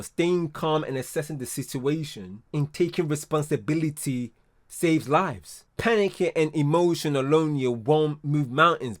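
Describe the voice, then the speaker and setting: A man giving casual reaction commentary in slangy speech, calling the listener blood and fam. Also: fairly high pitch. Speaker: commentary host.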